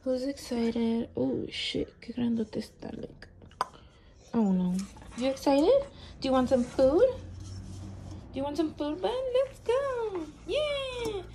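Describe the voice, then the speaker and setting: A woman's voice: high-pitched, lively intonation, measured pace, vocal fry, pauses often, dark tone, slight background noise. A woman vlogging casually at home, talking to her pets in cooing baby talk.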